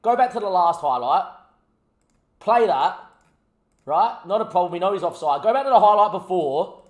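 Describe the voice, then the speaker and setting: A young man giving animated live commentary on a football management game as a gaming YouTuber, talking at the players on screen. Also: high-pitched, moderate pace, pauses often.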